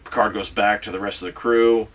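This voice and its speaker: A man with a very low voice gives a casual, animated movie recap, tossing in quick asides. He sits a little back from the microphone, so his voice sounds slightly distant. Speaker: movie reviewer.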